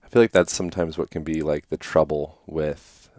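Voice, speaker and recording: A man's voice: rumbling low, fairly even intonation, moderate pace, darkish tone, dry recording, studio quality. A man from Pennsylvania hosting a podcast, asking loose, curious questions and affirming the guest with murmurs. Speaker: podcast host. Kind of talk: casual podcast interview.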